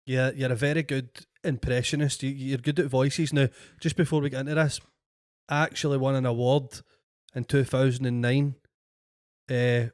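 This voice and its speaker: A Scottish man hosts a podcast in casual, chatty conversation. His voice is mid-pitched and recorded dry and close. He keeps the talk moving with quick affirmations. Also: darkish tone, no echo. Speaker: podcast host. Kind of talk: casual chat.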